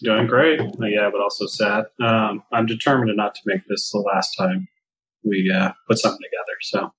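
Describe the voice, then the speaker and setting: Man, game designer guest, low husky voice, modest, hesitant. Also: steady tone, moderate pace, fairly bright tone, poor audio. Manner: modest, hesitant, many ums. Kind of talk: casual interview chat. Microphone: call recording.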